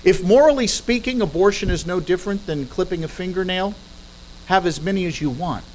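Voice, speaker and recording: A man's voice: high voice, fairly quick, slight background noise. A middle-aged man giving a persuasive talk from a podium in a church hall, asking rhetorical questions and adding dry humorous asides. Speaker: guest speaker.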